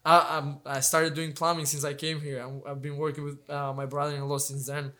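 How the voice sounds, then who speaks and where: A man's voice: on the high side, monotone, a little fast, pushed and bright. Young man telling stories with many restarts. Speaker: guest, fighter. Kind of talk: casual interview chat.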